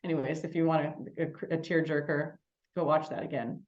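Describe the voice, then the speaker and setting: A woman co-hosting a podcast, an animated storyteller in casual chat. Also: deep voice, lo-fi sound. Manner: animated storyteller, quick and chatty. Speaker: podcast co-host.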